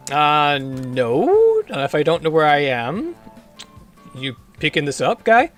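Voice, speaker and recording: A man narrating a game in a casual, wry, low-key way, tossing out dry asides. His voice sits a bit high for a man with an animated pitch, and faint game music plays underneath. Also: slow. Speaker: gaming YouTuber. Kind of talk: casual let's-play commentary.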